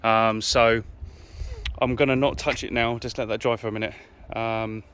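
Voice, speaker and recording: A British man who restores cars on his vlog chats casually and easygoingly as he works on a car outside in the wind, thinking aloud with fillers. His mid-range voice shows little pitch movement and is fairly bright and clean, at normal speed.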